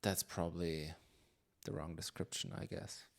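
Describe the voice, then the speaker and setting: A man's voice: sits low, steady tone, normal speed, gravelly. A man live-coding on a stream, chatting casually and thinking aloud with many fillers and restarts. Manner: reads chat questions aloud.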